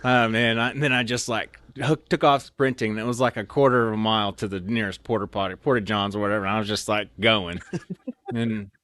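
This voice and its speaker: A man's voice: fairly low pitch, steady tone, fairly quick, fairly bright tone, no room sound, studio quality. A man telling funny stories in a casual, rambling way, full of "like" and "you know.". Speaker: storyteller guest. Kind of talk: casual anecdotal storytelling.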